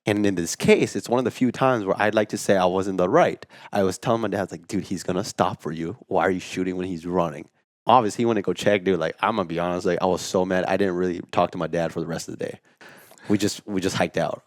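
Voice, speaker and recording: A man co-hosting a podcast, telling a story in casual chat, animated and full of "like", acting out what people said. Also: low-pitched, fast, no echo, studio quality. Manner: animated storyteller, acts out quotes, says "like" a lot. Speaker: podcast co-host.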